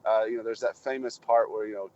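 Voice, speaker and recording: Casting: lowish male voice, enthusiastic but halting podcast co-host, dull lo-fi sound. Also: fairly even intonation, a little mellow. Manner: halting, repeats words, enthusiastic. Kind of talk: casual chat about films. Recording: muffled lo-fi podcast audio.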